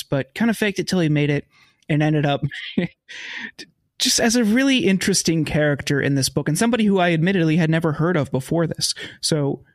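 Higher-voiced man hosting a podcast. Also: dry recording, studio quality. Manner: measured questions with frequent "uh" fillers. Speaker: podcast host. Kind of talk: conversational podcast interview.

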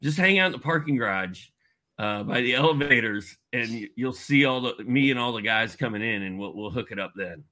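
A man recalling a relaxed basketball star. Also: medium pitch, a little fast. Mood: friendly. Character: friendly adult male pro basketball star on the phone.

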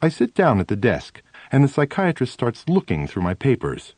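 Animated male audiobook narrator. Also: medium pitch, normal speed, dry recording. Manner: animated storytelling with shifting emphasis. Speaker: audiobook reader. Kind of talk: first-person memoir narration.

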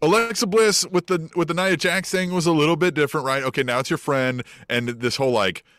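A man's voice: on the high side, fairly quick, a bit bright, a little hiss or hum. A man co-hosting a podcast, exasperated and baffled, swearing often. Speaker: podcast co-host. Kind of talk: casual podcast chat.

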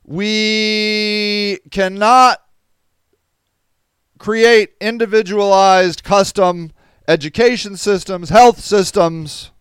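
A man's voice: high-pitched, fairly even intonation, very slow, fairly bright tone, clear, resonant tone, dry recording. A tired man with a stuffy nose, hosting a podcast livestream and reading viewer comments in a rambling, casual way. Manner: rambling, restarts, reads viewer comments aloud. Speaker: podcast host reading live chat.

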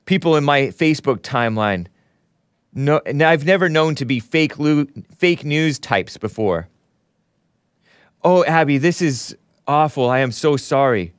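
A man's voice: on the high side, expressive, unhurried, smooth, no room sound, clean studio sound. A male show host giving solo commentary, mocking and sarcastic as he reads out social media replies.

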